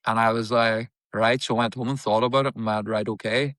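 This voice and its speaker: A man's voice: on the low side, steady tone, a little fast, fairly bright tone, no echo. A man, an actor guest, telling candid stories in an interview, emphatic and repetitive, swearing now and then.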